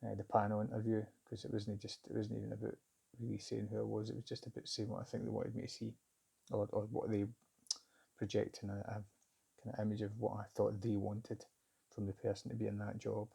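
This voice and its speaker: Middle-aged man, dark low husky voice, reflective first-person story, candid and halting. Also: completely flat delivery. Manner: candid, halting, self-searching. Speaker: vlogger recounting a job interview.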